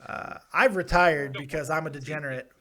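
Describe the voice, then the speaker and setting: High-voiced brash male talk show host. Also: a little fast, pushed and bright. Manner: brash, profane, ribbing callers, laughs often. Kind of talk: casual late-night sports chat.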